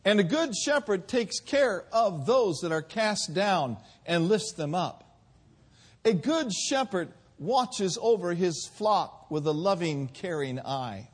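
Husky guy preaching in church, call and response, draws out key words. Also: sits high, animated, slow. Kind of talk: sermon.

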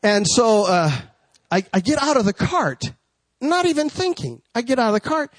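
Man preaching with soaring drawn-out cries. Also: expressive, no room sound. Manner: rises to high, drawn-out shouts in preaching, drops low and chatty telling the story. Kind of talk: sermon with a told story.

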